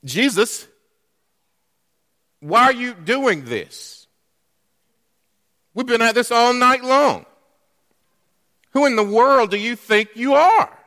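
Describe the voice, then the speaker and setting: Man voicing a fed-up fisherman, high-pitched, stammering, sarcastic, long reverb. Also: expressive, normal speed, few pauses, pushed and bright. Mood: exasperated. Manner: stammering, raised and incredulous. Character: exasperated adult male fisherman, sarcastic and indignant.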